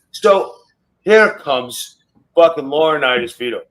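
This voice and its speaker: A brash man with a fairly high voice barks profane, mock-mobster jokes at a co-host. He roasts and tells war stories with loud comic swagger on a podcast. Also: moderate pace, low-quality recording. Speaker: guest wrestler. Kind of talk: loud comedic roasting, storytelling. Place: podcast studio.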